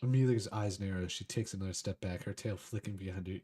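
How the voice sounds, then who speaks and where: A man's voice: sits low, fast, dark tone, breathy edge. A man streaming a text adventure game with a desk microphone, reading the game text aloud and laughing often. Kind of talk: casual gameplay commentary and reading aloud.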